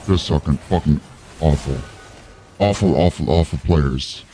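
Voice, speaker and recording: A man's voice: rumbling low, unhurried, dark tone, soft background music. A man streaming a video game, giving live commentary and ranting angrily and profanely at his teammates.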